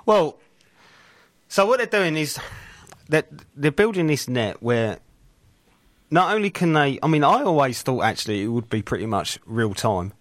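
A man co-hosts a casual podcast chat in a relaxed, easy manner. He leans on fillers like um and you know. The sound is dry and close. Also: mid-range voice, normal speed, pauses often, dry recording. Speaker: podcast co-host.

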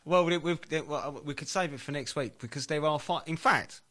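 A man's voice: a little high, normal speed, a bit bright, no room sound. A man hosting a casual talk show, giving brief, hesitant replies. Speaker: podcast host. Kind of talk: casual chat.

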